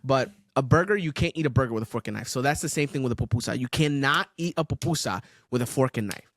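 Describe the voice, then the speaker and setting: Quick-paced and mid-range in voice, this man co-hosts a podcast recorded at studio quality with no echo. His casual storytelling is animated and full of swearing, broken up by frequent laughs.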